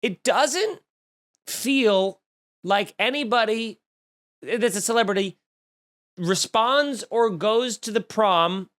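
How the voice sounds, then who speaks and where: A man's voice: high voice, fairly bright tone. A man hosting a comedy podcast, riffing in a snarky, profane monologue full of mock outrage. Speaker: podcast host.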